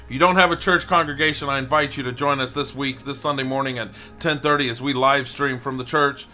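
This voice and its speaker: Male pastor, earnest devotional delivery, forceful bright tone. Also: fairly high pitch, brisk, hardly any pauses, soft background music. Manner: earnest, building to emphatic repetition. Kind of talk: short video devotional.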